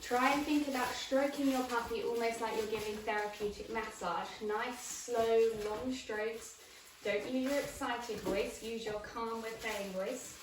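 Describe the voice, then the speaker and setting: A woman explaining dog training while playing with her puppy, giving clear, practical instructions. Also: fairly high pitch, steady tone, measured pace. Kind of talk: instructional demonstration. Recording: echoey room, voice from a distance, background noise.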